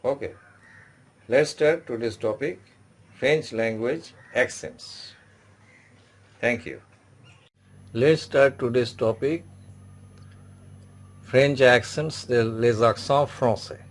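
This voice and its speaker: A man's voice: mid-range voice, slow, pauses often. A man teaching an online French class, patiently repeating each word and example several times. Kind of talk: online language lesson.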